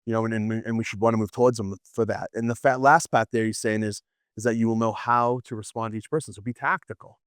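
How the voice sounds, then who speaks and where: A man teaching apologetics to a class, lively and storytelling, often restarting his sentences. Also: fairly low pitch, fast talker, dry recording, clean studio sound. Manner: animated, storytelling, frequent restarts and laughs. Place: classroom with students.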